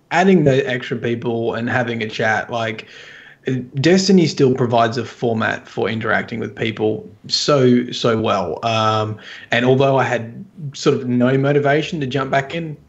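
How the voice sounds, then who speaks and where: A man co-hosts a gaming podcast over a dull, lo-fi online call. He talks casually and often repeats words as he gets going. His pitch is ordinary for a man. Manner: halting, repeats words as he starts sentences. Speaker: podcast co-host and streamer.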